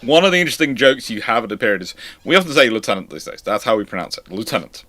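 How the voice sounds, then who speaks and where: A man's voice: medium pitch, sing-song, rapid-fire, bright, forceful tone, dry recording. A man hosting a live-stream history lecture, explaining in a conversational, digressive way. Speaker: host.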